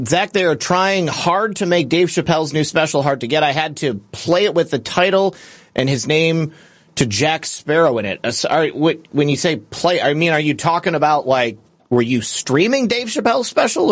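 A male host rambles through casual live-stream commentary, stopping to answer viewer comments. His voice sits slightly high and sounds dry and close to the mic. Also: lively intonation, moderate pace, dry recording. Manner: rambling, conversational, reads chat comments aloud. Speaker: show host.

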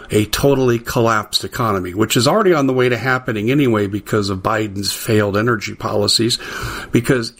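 Indignant low-voiced male radio host. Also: a bit bright. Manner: emphatic, indignant, rising to stress key words. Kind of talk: political commentary monologue.

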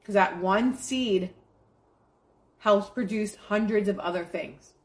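A woman's voice: medium pitch, slow pace. A woman hosts a live stream and delivers a casual motivational pep talk. She preaches in a blunt, emphatic way and swears freely as she addresses her chat.

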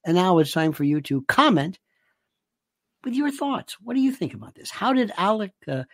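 A man's voice: sits high, big pitch swings, moderate pace, no room sound, clean studio sound. A man giving casual, emphatic commentary straight to his viewers, often repeating words to drive a point home. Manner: chatty, emphatic, repeats himself for stress. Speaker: online commentator.

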